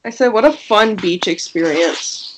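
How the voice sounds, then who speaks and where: A woman's voice: medium pitch, lively intonation, unhurried, noisy background. A woman co-hosting a casual chat, reacting with dry, wry remarks.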